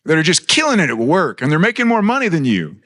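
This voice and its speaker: Guy in his 30s preaching in church, earnest and chatty, slightly high voice. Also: huge pitch swings, fast, a bit bright. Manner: earnest, personal, conversational with humor. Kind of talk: sermon.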